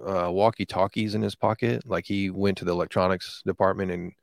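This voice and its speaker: A man's voice: sits low, fairly even intonation, brisk, gravelly, no echo, clean studio sound. A man in casual chat, telling a rambling, profane story with lots of fillers.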